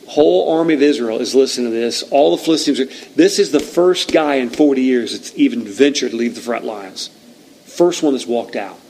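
A man preaching a sermon, retelling a scripture story in an animated, conversational way with frequent restarts. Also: mid-range voice, fairly quick, a little hiss or hum, low-quality recording.

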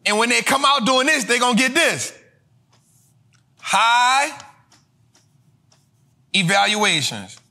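A man hosting a street-style finance lesson, talking in slang, repeating his points emphatically and bursting into shouts. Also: extremely high pitch, very animated, takes it slowly, creaky, pauses often. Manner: emphatic and repetitive, drilling points home. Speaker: host.

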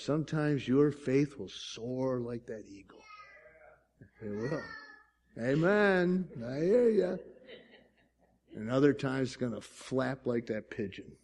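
Gravelly man preaching with swings from loud to hushed. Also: medium pitch, lively intonation, measured pace, long pauses. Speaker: pastor. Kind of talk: sermon.

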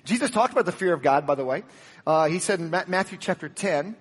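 A man preaching a sermon with animated, emphatic delivery, swinging from loud peaks to soft drops and acting out the dialogue of the story. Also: sits high, fast, husky, long reverb tail. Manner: acts out the dialogue of the Bible story. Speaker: pastor.

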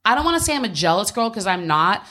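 A woman's voice: medium pitch, very animated, fast talker, bright, forceful tone. A woman co-hosting a podcast from home, telling a personal story in casual chat, candid and swearing freely. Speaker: podcast co-host.

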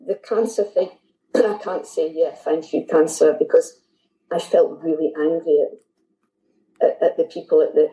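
A middle-aged woman speaks as a guest, telling her own story with candid, heartfelt openness. Her voice sits a little low and has a very mellow, dark warmth. She halts and restarts her sentences as she goes. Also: measured pace, long pauses, low-quality recording. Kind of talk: personal storytelling in conversation.

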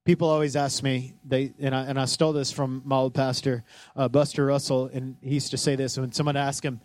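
A man's voice: mid-range voice, fairly even intonation, fast talker, darkish tone, no echo. A man preaching a sermon, talking casually with the congregation and acting out scripture scenes. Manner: conversational, joking, asks the congregation; acts out scripture scenes in voices. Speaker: pastor.

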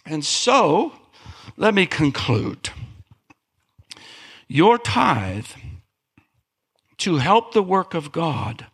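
A man preaching a sermon as pastor, animated, with big pitch swings and calls for amen. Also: drawn-out words, long pauses, slightly rough.

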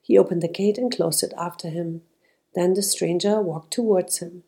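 A woman reading a storybook aloud in a calm, even way. Her voice sits somewhat low and sounds mellow and warm. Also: normal speed. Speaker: narrator.

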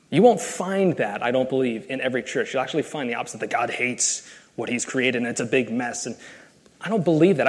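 Man preaching with long hall reverb. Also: medium pitch. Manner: emphatic, earnest preaching. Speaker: pastor. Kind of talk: sermon with scripture reading. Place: church sanctuary.

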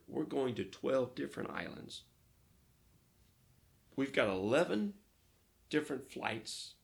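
A man from Arkansas, a pastor, telling lively stories in a casual interview and acting out the dialogue. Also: medium pitch, vocal fry. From Arkansas, United States. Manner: lively storyteller who acts out dialogue.

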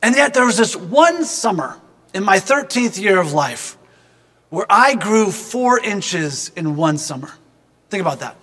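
A man's voice: sits high, very animated, a little slow, pushed and bright, slightly rough, in a large hall. A man giving a devotional reflection through personal storytelling. He is earnest and reflective and speaks directly to the listener.

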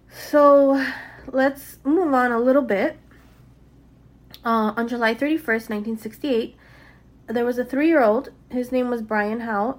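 Chatty young woman retelling a true crime case. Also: on the high side. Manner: chatty, loose, swears, spells words out letter by letter. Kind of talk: casual true crime narration. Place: home with dogs nearby.

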